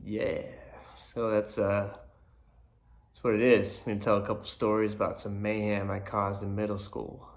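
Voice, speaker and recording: A man's voice: on the low side, little pitch movement, unhurried. Laid-back man telling school stories. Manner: laid-back, rambling, many fillers. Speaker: storyteller. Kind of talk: casual storytelling to camera.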